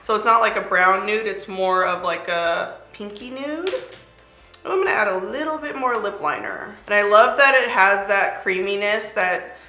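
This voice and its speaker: A woman's voice: mid-range voice, moderate pace, sharp tone. Chatty young woman in an echoey room. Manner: chatty, playful, talks through each step. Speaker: beauty vlogger. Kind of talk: makeup tutorial chat. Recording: roomy echo, faint music.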